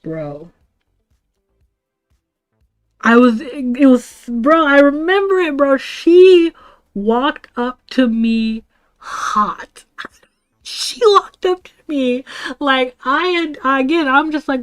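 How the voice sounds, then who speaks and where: A woman's voice: high voice, expressive, slow, long pauses, smooth. A young woman livestreaming, rambling through school stories with laughs and lots of "like" and "bro". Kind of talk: casual storytelling to a live chat.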